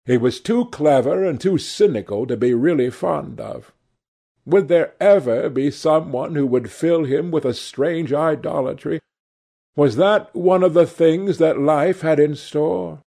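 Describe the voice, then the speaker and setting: Slow, gravelly male audiobook reader. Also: on the high side, dark tone. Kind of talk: audiobook narration.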